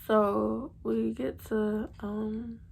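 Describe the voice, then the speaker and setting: A woman's voice: a little high, little pitch movement, drawn-out words, gravelly, darkish tone, slightly rough. A young woman, telling a storytime vlog to her viewers in a slangy, chatty way. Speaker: vlogger.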